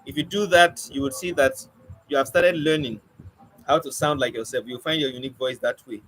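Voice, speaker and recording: In a low-quality recording with faint background noise, a man teaches poetry in a conversational way. His mid-range voice is fairly quick and fairly bright, and he keeps stopping to hunt for words and restart.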